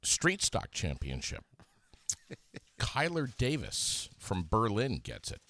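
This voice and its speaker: A man's voice: on the low side, wildly swooping pitch, slow pace, bright, forceful tone, no room sound. A man hosting a podcast, reading local racing results and announcements in a chatty way full of fillers. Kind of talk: casual chat with announcements.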